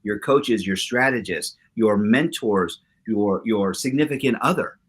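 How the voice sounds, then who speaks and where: A man's voice: on the low side, unhurried, husky. A man co-hosting a casual talk show, speaking emphatically and acting out quotes from his stories. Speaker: co-host. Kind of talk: casual chat.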